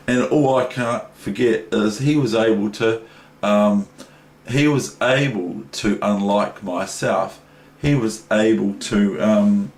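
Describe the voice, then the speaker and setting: A man's voice: fairly low pitch, a little mellow. A man teaching chess, talking through a game in a chatty, rambling way with many asides. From New Zealand. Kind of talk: casual chess lesson analysing a game. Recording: echoey room with faint noise.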